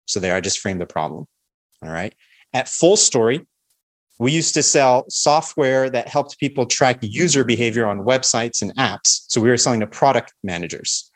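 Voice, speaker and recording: A man of ordinary pitch explains, confident and instructive, how to open a sales call. He talks through each step in a clear, practical way. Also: fairly quick. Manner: confident, instructive, acts out sample calls. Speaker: sales expert guest.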